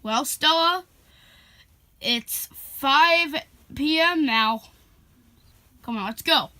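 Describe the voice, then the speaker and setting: A woman voicing a gruff young male bird leader in a plush toy skit, talking low and grumbling. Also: extremely slow, bright, forceful tone, exaggerated voice. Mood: grumpy.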